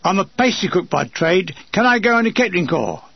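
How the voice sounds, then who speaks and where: A man's voice: high-pitched, very animated, a little fast, creaky, no room sound, muffled recording, heavily acted. A man voicing a grumbling short soldier who was a pastry cook, talking with exasperation. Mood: exasperated. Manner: exasperated, complaining.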